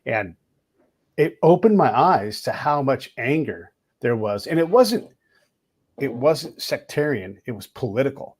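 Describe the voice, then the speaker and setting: A man hosting a podcast, telling blunt, animated anecdotes in a casual chat. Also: medium pitch, a little slow, slightly rough. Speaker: podcast host.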